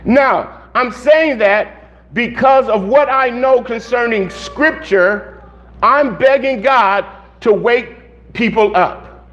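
High-voiced pastor preaching slowly. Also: male voice, fairly bright tone, muffled recording. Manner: conversational, restarts and repeats phrases. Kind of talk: sermon.

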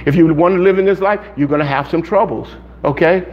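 A man's voice: on the high side, fast, dull audio. A man preaching to a church congregation in an informal way, telling stories and acting out quotes, often checking in with "okay?". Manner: storytelling, acts out quotes, asks "okay?".

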